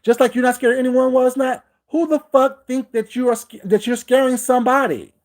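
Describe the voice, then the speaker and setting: A livestream host with a high, slightly mellow voice speaks a little fast in a heated, confrontational rant. The host keeps repeating points and breaks off to greet viewers by name.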